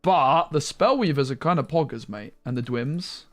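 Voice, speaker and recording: A man's voice: a little high, lively intonation, normal speed, a bit bright, soft background music. A man streaming a card game, giving casual commentary full of jokey banter with viewers and muttered asides.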